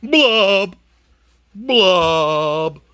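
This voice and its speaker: A man's voice: high-pitched, expressive, drawn-out words, pushed and bright, smooth, voice pushed up, heavily acted. A man voicing a gloomy, moping male fish who chants his lines in a mournful singsong. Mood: glum.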